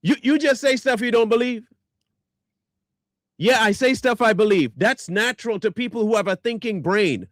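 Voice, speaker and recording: Man, online commentator, high voice, sarcastic insult-laden rant, dry sound. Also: moderate pace, a bit bright, no room sound. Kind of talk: ranting reply to viewer comments.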